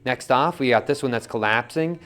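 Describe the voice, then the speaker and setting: A man's voice: mid-range voice, a little fast, smooth, faint music behind. A man casually demonstrating pottery on the wheel, talking his viewers through each step with lots of "like" and "right?". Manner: relaxed, chatty, lots of "like" and "right?". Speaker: pottery teacher.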